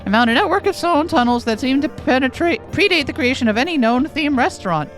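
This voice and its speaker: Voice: sits high, animated, quick pace, fairly bright tone, soft background music, low-quality recording. A game player commenting and reading game text aloud in a playful, joking way. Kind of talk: let's play commentary and reading.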